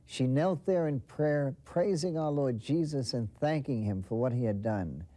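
A man narrating a saint's life story in a measured, storytelling way. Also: mid-range voice, warm tone. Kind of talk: scripted documentary narration.

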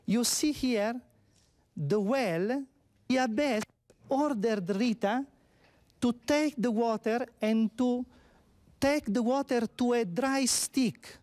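Slow, halting woman tour guide. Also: on the high side, a little mellow. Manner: halting, adds questioning "huh?" tags. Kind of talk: on-site guided explanation.

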